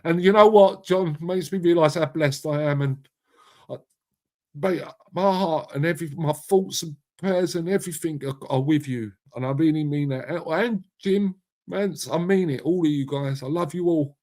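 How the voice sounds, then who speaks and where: Slightly high but dark in tone, this middle-aged Englishman's voice moves at normal speed as he hosts a casual live chat on stream. Matey and blunt, he swears freely and addresses viewers as bruv and mate.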